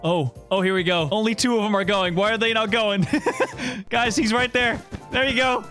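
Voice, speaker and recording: A man hosting a gameplay video, excited and laughing often as he commands in-game foxes. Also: high voice, moderate pace, faint music behind. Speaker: gaming video host.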